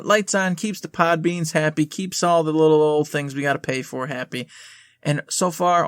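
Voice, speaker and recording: A man's voice: fairly high pitch, a bit bright, no room sound. A man co-hosting a gaming podcast in casual chat, rambling and making sarcastic jokes. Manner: joking, rambling, sarcastic asides. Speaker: podcast co-host.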